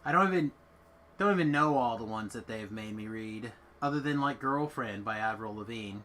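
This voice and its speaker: A man's voice: lowish voice, normal speed, a bit bright, a little hiss or hum. A man hosting a casual gaming stream, joking with friends and thanking viewers in a playful way. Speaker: streamer host.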